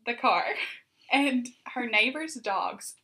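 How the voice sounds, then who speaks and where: A woman's voice: fairly high pitch, slow pace. Chatty woman co-hosting a podcast. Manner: animated storytelling, laughs often. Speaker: podcast co-host. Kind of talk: casual chat.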